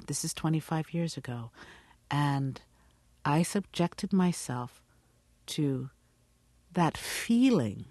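A middle-aged actress from Guyana with a British accent, speaking thoughtfully in a radio interview. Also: female voice, a bass voice, creaky, no room sound. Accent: British English.

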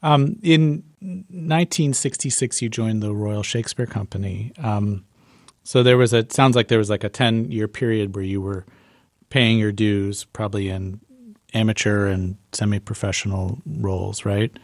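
A man's voice: lowish voice, fairly even intonation, normal speed, no echo, clean studio sound. A man interviewing a guest, asking curious questions with hedges and fillers.

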